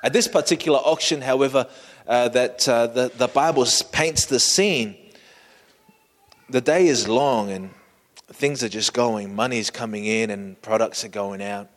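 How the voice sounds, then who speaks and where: A man preaching a sermon, painting a vivid scene slowly and inviting listeners to imagine it. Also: medium pitch, in a large hall. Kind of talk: storytelling sermon.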